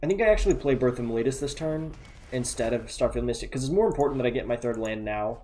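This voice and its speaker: A man giving relaxed, chatty play-by-play of a card game, thinking aloud and muttering asides to himself. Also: mid-range voice, quick pace. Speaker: gameplay commentator.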